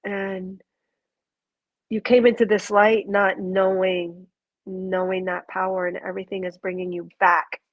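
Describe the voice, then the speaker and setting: A woman's voice: mid-range voice, level tone, measured pace, no echo, dull audio. A woman giving a live intuitive reading to a viewer, earnest and gushing, rambling through restarts. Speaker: intuitive reader.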